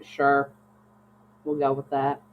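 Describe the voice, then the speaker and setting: A woman co-hosting a casual podcast chat, expressive and swearing casually as she jokes. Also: slow pace. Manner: expressive, swings high when joking, swears casually. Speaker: podcast co-host. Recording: dull lo-fi mic with faint hum.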